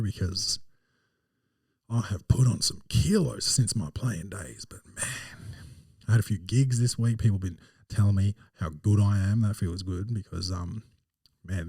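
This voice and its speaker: A man's voice: fairly low pitch, gravelly, darkish tone, breathy edge, no room sound, studio quality, recorded from a distance. A man, a stand-up comedian hosting his podcast alone, telling self-deprecating stories in a casual, rambling way. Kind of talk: casual solo podcast monologue.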